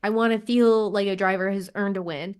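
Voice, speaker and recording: A woman's voice: medium pitch, fairly even intonation, brisk, smooth. A woman co-hosting a motorsport podcast over a remote call, talking casually and frankly, swearing and laughing often. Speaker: podcast co-host. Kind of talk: casual chat.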